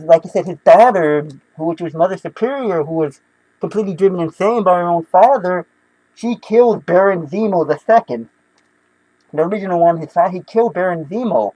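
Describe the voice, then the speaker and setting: A young man casually reviewing comic books, excitable and rambling with many restarts. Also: sits high, dry recording, low-quality recording.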